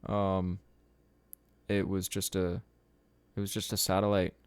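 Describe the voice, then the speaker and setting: Young male podcaster, rambling storyteller, swears a lot, smooth low voice, dry close sound. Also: completely flat delivery, measured pace, no echo. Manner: casual, rambling, swears often, laughs at own story. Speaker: podcast host.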